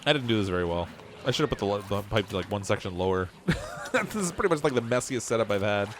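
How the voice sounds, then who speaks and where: A man's voice: fairly low pitch, very animated, quick pace, background noise. Canadian man thinking aloud while streaming. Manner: self-mocking, thinks aloud while building. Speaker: game streamer. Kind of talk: casual livestream commentary.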